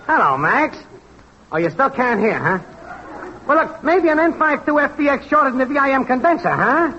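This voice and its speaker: An actor playing a pushy, slangy male network technician in a 1940s radio comedy sketch, loud and wisecracking, with sing-song test calls. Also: extremely high pitch, very animated, moderate pace, heavily acted. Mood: phone banter. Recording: dull noisy 1940s radio broadcast.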